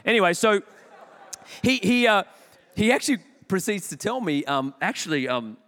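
A man preaching in a church hall, his slightly high voice carrying a long reverb. He tells a story in an animated, joking way and laughs at himself. Sudden loud bursts break into the calmer stretches. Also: normal speed. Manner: animated, jokey, self-deprecating, with bursts of loudness. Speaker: pastor. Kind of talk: sermon with storytelling.

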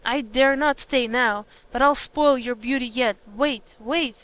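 A jealous, scheming young woman from a storybook, spiteful and quick to flare into shrill fury, as a woman narrator reads her. The voice sits fairly high. The sound is dull and lo-fi. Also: natural voice. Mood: furious.

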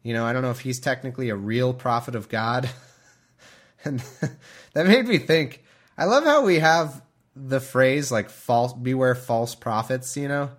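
Male podcast host, conversational reader, bemused and chatty, quick to laugh, mid-range voice. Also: medium pitch, animated. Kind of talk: reading scripture aloud with casual commentary.

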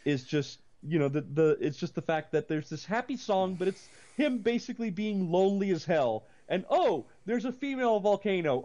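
A man, possibly middle-aged, co-hosting a casual movie chat, rambling with many restarts and breaking into animated rants. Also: sits high, normal speed. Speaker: podcast co-host.

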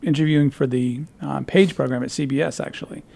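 A middle-aged man in casual conversation, a relaxed co-host who draws out his guest's stories. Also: medium pitch, quick pace, creaky. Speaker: podcast co-host, songwriter.

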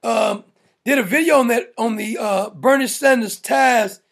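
Gravelly, blunt male political ranter. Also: very high voice, measured pace, fairly bright tone. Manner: emphatic, mocking, blunt. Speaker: political talk show host. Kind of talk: opinionated political rant.

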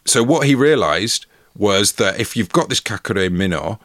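A man co-hosting a casual podcast, telling an old folk tale with animated delivery. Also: lowish voice, moderate pace, no room sound, studio quality. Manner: animated, acts out characters in funny voices. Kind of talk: casual storytelling chat.

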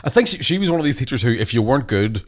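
A man's voice: medium pitch, very animated. A young man, a comedian, telling school stories in a casual, sweary chat. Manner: sweary, fast storytelling.

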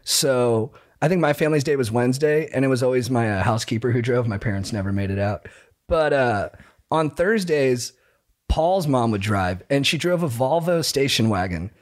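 A man's voice: mid-range voice, moderate pace. A man co-hosting a podcast, telling stories in casual chat and often laughing as he talks. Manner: animated, laughing through stories. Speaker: podcast co-host.

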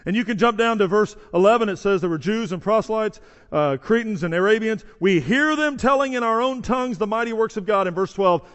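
A man's voice: high-pitched, a bit bright, big-room sound. A man preaching a sermon in a conversational way, acting out the voices of bystanders in the story. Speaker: pastor. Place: church sanctuary.

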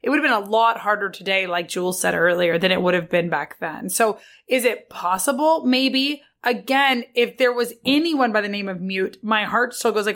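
A woman's voice: mid-range voice, moderate pace, few pauses, a bit bright. A woman co-hosting a true crime podcast, chatting casually and thinking aloud with fillers and restarts. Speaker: podcast co-host.

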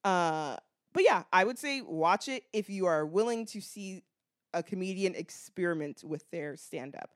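A woman's voice: on the low side, expressive, measured pace. An American woman co-hosting a podcast, talking in a casual, reflective way with lots of "like" fillers. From United States. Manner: chatty, many "like" fillers, reflective. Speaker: podcast co-host. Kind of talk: casual chat.

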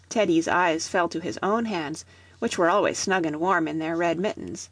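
A woman reading a children's storybook aloud in a gentle, even storytelling manner. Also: lowish voice, normal speed, husky, no echo. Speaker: audiobook reader.

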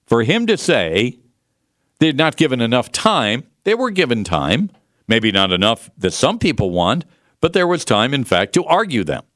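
A man's voice: medium pitch, a bit bright, dry recording, clean studio sound. A man hosting a political talk radio show, delivering a combative, sarcastic monologue with mocking asides.

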